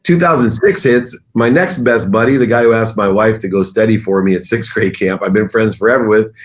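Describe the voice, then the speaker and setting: A middle-aged man with a fairly low voice, speaking as an interview guest. He tells his story emphatically and with animation, often pushing his voice up for stress. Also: brisk. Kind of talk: storytelling in conversation.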